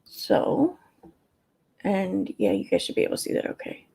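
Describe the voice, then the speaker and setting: A woman with a Midwestern American accent chats loosely on a livestream, wandering from thought to thought and swearing freely. Her voice has a gravelly fry in it, at a middle pitch. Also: wildly swooping pitch, moderate pace, warm tone. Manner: rambling, profane, talks to chat. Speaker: livestream host. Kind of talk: casual livestream chat.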